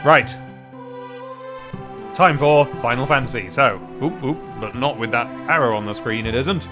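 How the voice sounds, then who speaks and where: A man chatting while streaming a game, excitable and given to humming and scatting tunes, a bit stuffy from hay fever. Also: medium pitch, a little slow, music in the background. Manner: chatty, hums and scats tunes, excitable outbursts. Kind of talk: casual let's play commentary.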